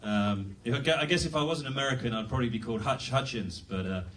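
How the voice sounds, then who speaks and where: A man's voice: medium pitch, quick pace, a bit bright, recorded from a distance, slight background noise. A young British man doing a rambling, self-deprecating stand-up set at a comedy club. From Britain.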